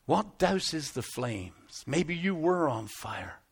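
A man preaching a sermon in an animated, conversational way, repeating words as he builds up and slipping into little acted asides. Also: a little high, slow pace, vocal fry, husky. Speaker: pastor.

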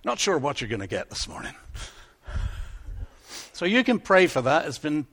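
A pastor tells a Bible story to children in church, keeping them in it with questions. His voice sits high and moves with lively energy. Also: normal speed. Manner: animated, asks the children questions.

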